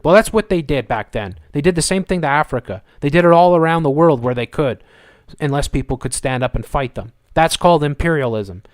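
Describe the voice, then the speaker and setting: A man's voice: a little high, expressive, fairly quick, no room sound. Indignant ranting man, dry close mic. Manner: indignant, argumentative, swears, repeats phrases. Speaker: host of a live commentary show. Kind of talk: heated political rant.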